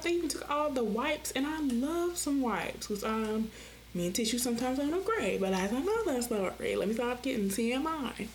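Sassy, high-voiced woman rambling on her podcast. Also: normal speed, slight background noise. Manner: animated, sassy, jumps into mimicked voices. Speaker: podcast host. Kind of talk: casual rambling monologue.

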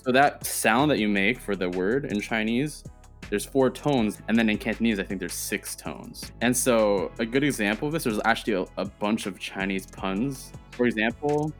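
A man's voice: fairly low pitch, moderate pace, faint music behind. An American man co-hosting a podcast over a call, chatting casually, laughing often and repeating words as he starts a thought. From United States. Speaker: podcast co-host. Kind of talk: casual chat. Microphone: remote call.

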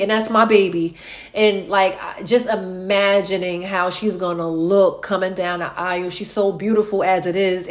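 Casting: woman, late 30s, vlogger, chatty and tender-hearted, sighs a lot. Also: medium pitch. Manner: emotional, sighing, chatty. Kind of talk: casual chat to followers.

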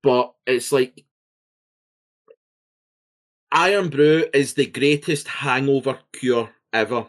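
A man with a Scottish accent, co-hosting a podcast in casual chat, animated and swearing freely. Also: mid-range voice, takes it slowly, pauses often. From Scotland. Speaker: podcast co-host.

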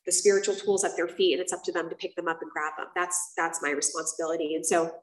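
A woman's voice: fairly low pitch, steady tone, quick pace. Candid woman sharing her story, heard from afar. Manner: casual and candid, frequent fillers and swearing. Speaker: speaker at a recovery meeting. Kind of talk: personal testimony to a live group. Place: meeting room. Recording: roomy sound from a distance.

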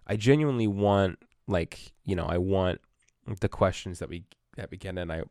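A man with a very deep voice co-hosts a laid-back podcast. He rambles through his points with lots of fillers and backs up his partner. The recording is dry and close. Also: moderate pace, a little mellow, no room sound. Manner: rambling, filler-heavy, supportive. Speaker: podcast co-host. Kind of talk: casual chat.

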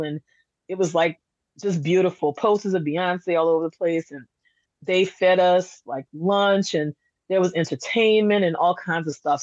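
A woman's voice: fairly low pitch, dry recording. Chatty woman telling a story, dull dry recording. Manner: animated, chatty storyteller with many fillers. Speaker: candle business owner, podcast guest. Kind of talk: casual podcast interview storytelling.

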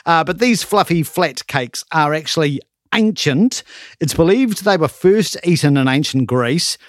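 A man's voice: a little high, expressive, measured pace, no echo, clean studio sound. A New man chatting casually as a co-host, laughing often. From New Zealand. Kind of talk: casual chat.

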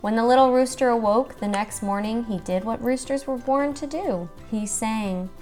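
A young mother reading a children's story aloud, expressive and gentle, pausing to chat with her child. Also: fairly high pitch, over music. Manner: gentle, expressive, chatting with the child between pages.

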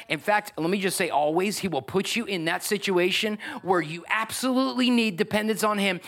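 A middle-aged pastor with a high-sitting voice preaches a sermon in an animated, joking style, tossing asides to the congregation.

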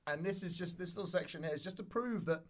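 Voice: mid-range voice, fast talker. A podcast co-host in casual chat, rambling and laughing often.

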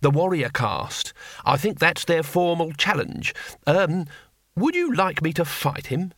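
A man's voice: on the high side, sing-song, measured pace, fairly bright tone, no echo, voice pushed up, exaggerated voice. Man voicing a polite teacher, hesitant, scholarly, dry close read. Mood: nervous. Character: nervous, polite male teacher.

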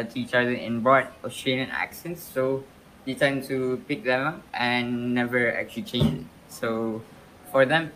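A man's voice: medium pitch, a bit bright, slight background noise, poor audio. A young man speaking as a podcast guest, answering questions with frequent fillers and restarts. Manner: hesitant, many "uh" fillers and restarts. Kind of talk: casual interview answers.

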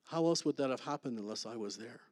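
A man sharing a personal testimony at a church, earnest, with dramatic pauses and soft, intense endings. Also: medium pitch, animated, in a large hall. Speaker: guest speaker.

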